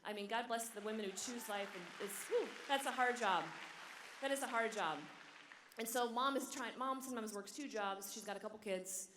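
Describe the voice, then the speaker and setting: Animated woman preaching in an echoey hall. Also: a little high, moderate pace, noisy background. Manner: animated storytelling, drops to a near whisper in tender moments. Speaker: religious sister and conference speaker. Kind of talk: sermon. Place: large hall.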